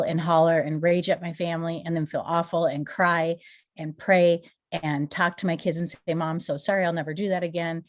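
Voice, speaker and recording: Earnest woman in her forties, lower voice. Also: moderate pace. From Minnesota. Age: 40s. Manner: earnest and emotional, rising to excited rhetorical questions. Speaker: guest speaker. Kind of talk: motivational company testimony.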